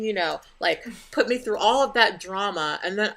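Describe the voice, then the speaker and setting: Young woman ranting to her webcam, bright clear voice, swears a lot, super blunt. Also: mid-range voice, lively intonation, normal speed, hardly any pauses. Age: young adult. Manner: blunt, profane, indignant storytelling. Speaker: vlogger. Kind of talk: casual rant to camera.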